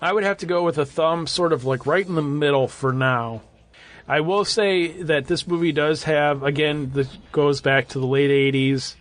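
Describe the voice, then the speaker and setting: A man in his thirties or forties, co-hosting a podcast, reviews a horror film in a casual, rambling chat full of fillers and restarts. His voice is a little high and his pace moderate.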